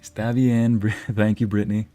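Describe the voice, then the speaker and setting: A man's voice: fairly low pitch, level tone, moderate pace, dark tone, soft background music. A man streaming a video game, chatting casually with viewers and answering their messages, sometimes slipping into Spanish phrases. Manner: chatty, reads and answers chat aloud, drops into Spanish phrases.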